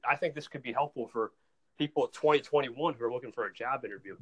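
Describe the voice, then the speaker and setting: A male podcast host in casual chat, telling stories in an excitable, animated way and often repeating words as he goes. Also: medium pitch, fast talker, breathy edge.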